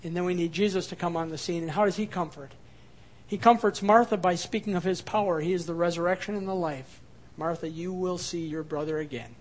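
Male pastor, high-pitched, expressive sermon delivery shifting between hushed and emphatic. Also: fairly quick.

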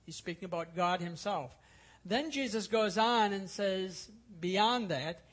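High-voiced man preaching earnestly. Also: a little slow, slightly rough. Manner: earnest, explanatory, repeats key points for emphasis. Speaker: pastor. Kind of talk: expository sermon.

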